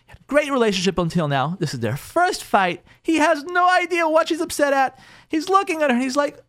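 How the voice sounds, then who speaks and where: A male rabbi tells a story to his listeners, his voice rising and falling with expression. He slips into each character's lines as he goes, keeping the telling animated from start to finish. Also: very high-pitched, fairly quick. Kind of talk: storytelling talk.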